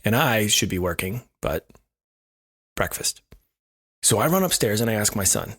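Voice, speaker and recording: A man's voice: lowish voice, big pitch swings, normal speed, pauses often, a bit bright, slightly rough. A man co-hosting a podcast, telling a self-deprecating story in a wry, casual way. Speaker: podcast co-host.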